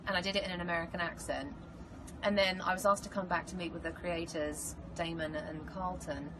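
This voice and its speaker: A woman with an English accent, an actress answering fan questions in a casual, animated live chat. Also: fairly low pitch, fairly quick. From England. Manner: bubbly, animated storytelling. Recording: noisy live stream audio.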